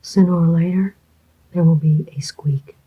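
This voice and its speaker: A reader voicing a cool, steady male ex-convict in a whispered role-play, deliberate and clipped. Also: mid-range voice, slightly rough. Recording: dull lo-fi recording.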